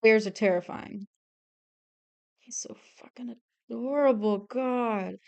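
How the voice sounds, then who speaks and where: A young woman streamer chatting casually while she draws, excitable and swearing freely. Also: mid-range voice, moderate pace, clear, resonant tone. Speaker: artist streamer. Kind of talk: casual chat while drawing.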